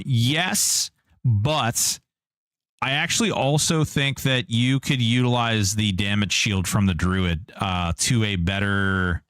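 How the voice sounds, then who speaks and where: A man's voice: fairly low pitch, fairly bright tone, no room sound, studio quality. A man streaming an online game, chatting casually and joking while answering his chat. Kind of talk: casual live-stream commentary.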